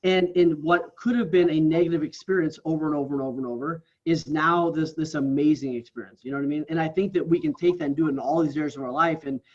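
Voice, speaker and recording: Earnest man with a high voice. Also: dull audio. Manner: earnest, tags many lines with "right?". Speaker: podcast guest. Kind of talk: casual interview talk.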